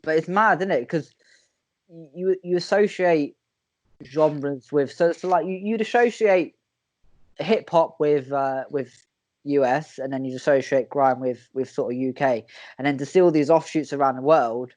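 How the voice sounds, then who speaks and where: A man's voice: a little high, a little slow, a little mellow, no room sound. A man from England co-hosting a podcast, chatting casually and repeating words while he gathers his thoughts. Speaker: podcast co-host. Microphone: headphones with a close mic.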